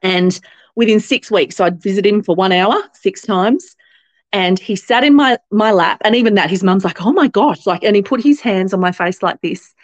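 A woman's voice: medium pitch, normal speed, no room sound. A woman with an Australian accent, telling stories as a guest on an interview podcast, with lots of fillers and restarts. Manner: chatty storytelling, many fillers and restarts; animated quoting of others' voices. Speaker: guest, company founder.

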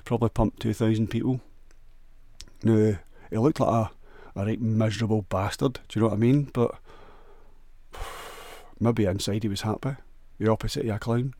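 A man's voice: on the low side, steady tone, normal speed, warm tone, no echo. A man with a Scottish accent rambling crudely through a jokey solo monologue, often restarting and stumbling over words.

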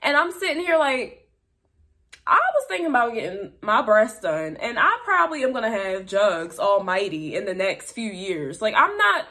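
A woman's voice: medium pitch, very animated, moderate pace, bright, forceful tone. A young woman hosting her own show, talking straight to the camera in a loose, unscripted way. She is blunt and chatty, and she fills her speech with asides. She calls her audience "y'all.". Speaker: podcast host. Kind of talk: casual monologue to viewers.

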